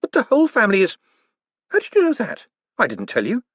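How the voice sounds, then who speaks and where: A man's voice: wildly swooping pitch, fast, fairly bright tone, slightly rough, dry recording, clean studio sound, full character voice. A man voicing a nervous, flustered young male ex-conman with a raised, agitated voice. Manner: high-pitched, agitated and protesting.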